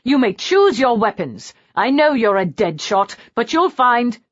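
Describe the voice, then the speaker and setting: A woman's voice: on the high side, very animated, a little slow, no echo, dull audio, voice pushed up. A woman narrator voicing a pugnacious eldest brother who speaks in a threatening, commanding way.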